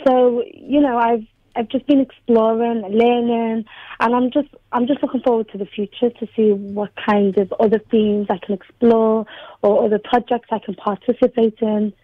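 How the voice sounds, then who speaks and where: A woman's voice: on the high side, steady tone, normal speed, no room sound. A young woman from Liverpool with a Scouse accent, talking hesitantly with many ums as a guest on a radio interview. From Liverpool, England. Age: young adult. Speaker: poet and spoken word performer. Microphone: phone call. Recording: tinny dry phone line.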